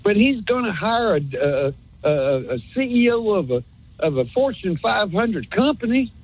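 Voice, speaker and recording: A man's voice: high voice, very animated, measured pace, husky, narrow, tinny audio. A man calling in to a sports talk show, rambling in a folksy, sarcastic way and stumbling over repeated words. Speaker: caller. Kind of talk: rambling call-in rant.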